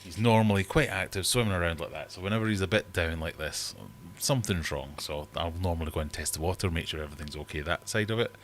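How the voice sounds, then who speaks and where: A man's voice: deep voice, fast, few pauses, slight background noise. A man hosting a casual livestream from his fish room, chatting in a rambling, self-deprecating way. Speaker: livestream host and fishkeeper.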